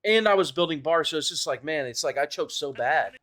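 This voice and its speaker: A man's voice: fairly high pitch, expressive, fairly quick, fairly bright tone. A young man casually commenting over his own tournament footage, rambling and self-critical, swearing and laughing at his mistakes. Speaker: gaming YouTuber reviewing his own tournament match.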